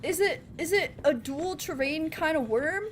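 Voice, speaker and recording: A young woman streaming a game live, excitable and chatty, often laughing and reacting to viewers. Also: high-pitched, measured pace, slight background noise. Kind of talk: live gameplay commentary.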